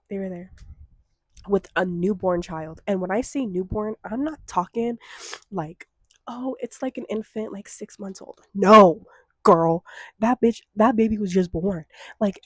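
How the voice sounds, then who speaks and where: A woman's voice: medium pitch, dark tone, no room sound, studio quality. Chatty young woman ranting casually. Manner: chatty, swears freely, rants with mock outrage. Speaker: vlogger. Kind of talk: casual chat to camera.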